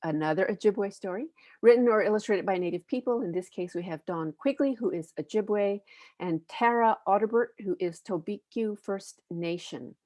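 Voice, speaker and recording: A U.S. educator on a panel shares children's books with quiet earnestness, frequently pausing to gather her words. She has a medium-pitched, darkish voice, and there's no room sound.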